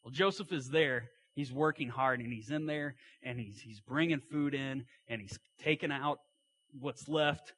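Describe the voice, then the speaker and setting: A man's voice: medium pitch, a little slow, a bit bright, slight background noise. A man preaching a sermon, retelling a story in a folksy way with asides and acted-out quotes.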